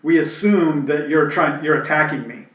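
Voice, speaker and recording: Candid male co-host, reflective storyteller, higher voice, set back from the mic. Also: moderate pace, fairly bright tone, roomy sound, distant mic, rough recording. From New Jersey. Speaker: podcast co-host. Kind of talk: casual chat.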